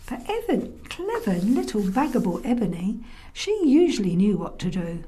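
A woman storyteller narrating a children's tale, expressive and often dropping to a soft whisper. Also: mid-range voice, moderate pace. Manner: softly whispered in places, expressive.

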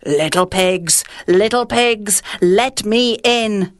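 A woman voicing a big bad male wolf in a storybook, drawing out his threats slowly and lowering her voice. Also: no echo, studio quality, close to an everyday voice. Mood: menacing. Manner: slow, drawn-out threats.

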